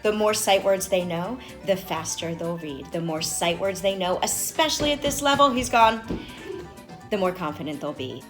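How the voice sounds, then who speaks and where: With a fairly low voice, lively intonation and moderate pace, this woman in her forties gives a home reading lesson, coaching her little son on sight words and offering parents tips at each step. She is a reading tutor and mother, warm and instructive, over faint background music.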